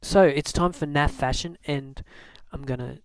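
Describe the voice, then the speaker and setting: A man chatting casually to camera as a vlogger, relaxed and full of fillers. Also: on the high side, unhurried, no room sound.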